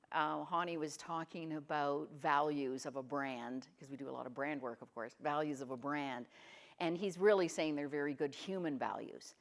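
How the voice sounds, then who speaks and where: A middle-aged woman with a notably low voice speaks as a guest at a conference. She questions the audience and tells stories in a lively way, often acting out what people said. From Canada. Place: conference room.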